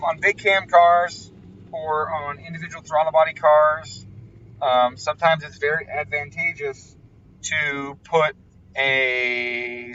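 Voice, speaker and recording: A man with a bright, forceful voice rants bluntly and swears freely while explaining engine tuning. His voice sits a touch high for a man. He sounds slightly off the mic, muffled, with car noise under him. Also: distant mic. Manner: profane, ranting, blunt. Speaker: engine tuner. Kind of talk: casual explanatory vlog talk.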